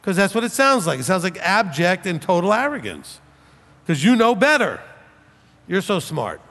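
A man's voice: sits high, sing-song, normal speed, a bit bright. A man, a rabbi, giving a sermon with emphatic rhetorical questions and mocking imitations of his critics. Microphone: preaching without notes, standing. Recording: long hall reverb.

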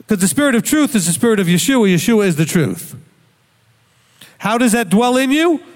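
High-voiced man teaching scripture. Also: expressive, fairly quick, in a large hall. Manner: conversational, asks rhetorical questions. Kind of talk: Bible study teaching.

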